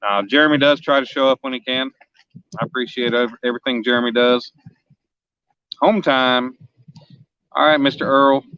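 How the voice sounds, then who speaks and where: A man's voice: medium pitch, bright, forceful tone, clean tone, dry recording, highs cut off. A man in his forties, a fishing vlogger chatting casually on a live stream outdoors, joking and teasing his viewers as he rambles. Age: 40s. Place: outdoors on a riverbank.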